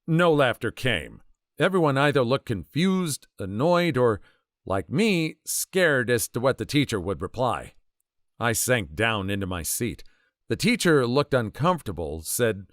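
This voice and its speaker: A man reading online stories aloud in an animated manner, adding his own comments between them. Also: medium pitch, unhurried, dry recording, studio quality. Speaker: story narrator.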